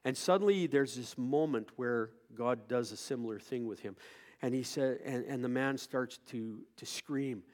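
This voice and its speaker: A male pastor preaching a sermon, moving from quiet storytelling to loud, impassioned preaching. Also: mid-range voice, moderate pace.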